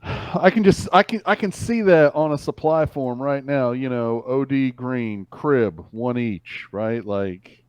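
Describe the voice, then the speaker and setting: A man's voice: mid-range voice, takes it slowly, darkish tone, clean tone, no echo, dull audio. A man co-hosting a casual discussion podcast, making dry sarcastic quips. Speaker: podcast co-host.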